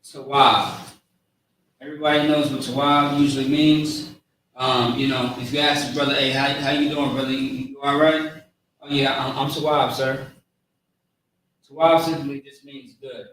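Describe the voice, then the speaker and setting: A man giving a casual, slangy lesson on words, spelling them out slowly. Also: medium pitch, little pitch movement, fairly bright tone. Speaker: teacher of a language class. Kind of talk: informal lesson with a live chat. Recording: echoey room, far from mic, faint noise.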